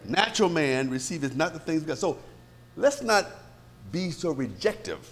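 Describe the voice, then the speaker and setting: Pastor, male, lively swinging delivery, preaching sermon with rhetorical questions. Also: fairly high pitch, moderate pace.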